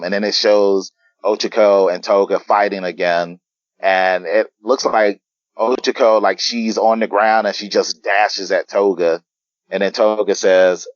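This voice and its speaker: A man with a low voice talks through a comic chapter in casual podcast chat. He hesitates and restarts often. The sound is dull and lo-fi, and completely dry. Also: steady tone, dry recording. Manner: halting, many fillers and restarts. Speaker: podcast guest.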